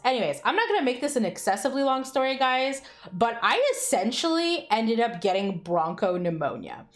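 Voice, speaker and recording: A woman's voice: on the high side, very animated, a little fast, hardly any pauses. Chatty, salty-mouthed young woman streamer. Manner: chatty storytelling, swears freely, laughs often. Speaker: live streamer. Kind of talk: casual chat with stream viewers.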